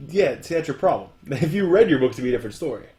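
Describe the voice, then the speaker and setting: A man co-hosting a podcast, chatting casually and teasing his co-host with quick restarts. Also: on the high side, lively intonation, darkish tone. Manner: joking, teasing banter with restarts. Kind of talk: casual chat.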